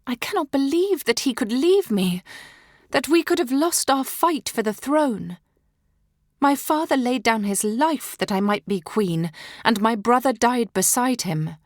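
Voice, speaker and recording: A woman's voice: on the high side, expressive, a little slow, no room sound, studio quality. A woman narrating a historical novel in the first person, with dramatic, emotive delivery that drops into whispers at tense moments. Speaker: audiobook narrator.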